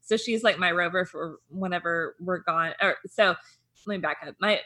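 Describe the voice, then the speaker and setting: A woman's voice: lowish voice, normal speed, bright, forceful tone. A woman co-hosting a podcast in casual chat, rambling with frequent laughs and fillers. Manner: rambling, laughs often, lots of "like". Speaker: podcast co-host.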